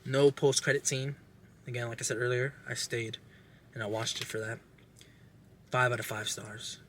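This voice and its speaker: A young man casually recapping a movie plot with lots of swearing, animated and acting out lines. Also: mid-range voice, normal speed, slight background noise. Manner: animated, profane, acts out characters' lines. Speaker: podcast host reviewing a movie.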